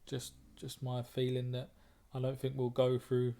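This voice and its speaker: A man's voice: medium pitch, monotone, a little slow, warm tone. A man, a trader and moderator, talking bluntly in a casual group discussion, often repeating words as he thinks.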